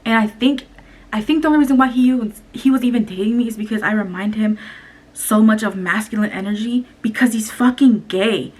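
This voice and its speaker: A woman's voice: fairly high pitch, husky. A young woman vlogging at home, telling a story in a blunt, profane, venting way, with faint noise behind her. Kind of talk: casual story time vlog. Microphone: camera.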